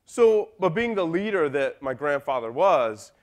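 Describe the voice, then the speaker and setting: Man, conference speaker, casual storytelling, joking asides, slightly high voice. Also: very animated, measured pace. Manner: casual and joking, talks to the audience. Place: conference hall.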